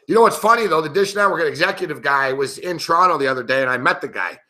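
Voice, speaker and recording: A man's voice: fairly high pitch, lively intonation, fast, bright, forceful tone. A middle-aged man hosting a sports betting show, telling stories in a brash, profane, casual way and laughing often. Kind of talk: casual storytelling chat.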